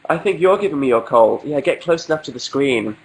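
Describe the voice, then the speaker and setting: A stuffed-up young man from England chats casually on a home livestream, fielding viewers' questions via webcam mic. His mid-range voice moves briskly, he keeps making dry, self-deprecating jokes about being sick and sniffling, and the recording is low quality.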